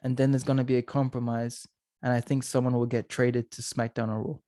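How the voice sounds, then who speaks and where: A man's voice: medium pitch, level tone, brisk, warm tone, no room sound, studio quality. A young man co-hosting a casual wrestling podcast with a friend, chatty and playful, cracking jokes. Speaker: podcast co-host. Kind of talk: casual chat.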